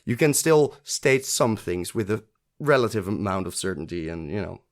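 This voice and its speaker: A podcast co-host with a lowish voice speaks at a moderate pace in a casual chat reviewing a TV episode. He thinks aloud, restarting often and leaning on fillers.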